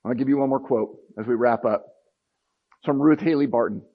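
A man's voice: medium pitch, fairly quick. Male pastor preaching, dull lo-fi sound. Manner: emphatic preaching that swings from fired-up shouting to soft, quiet reflection. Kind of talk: sermon.

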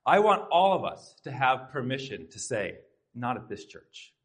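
A man with a husky, slightly breathy voice delivers a sermon in a church sanctuary. He preaches in an earnest, conversational way and turns aside now and then to talk straight to the congregation. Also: medium pitch, big pitch swings, normal speed, a bit bright. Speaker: pastor.

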